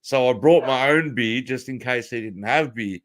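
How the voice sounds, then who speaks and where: A man tells a rowdy story over a call, swearing freely and chuckling at his own punchlines. His voice sits at an ordinary middle pitch. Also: moderate pace, a little hiss or hum. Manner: crude, swears a lot, laughs while telling. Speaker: podcast host telling a story. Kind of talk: casual storytelling chat.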